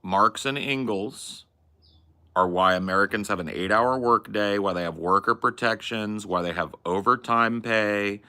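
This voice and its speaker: Young male streamer, heated profane rant, tense bright tone. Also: fairly low pitch, unhurried, clean tone. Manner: combative, mocking and profane. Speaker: stream host arguing with chat.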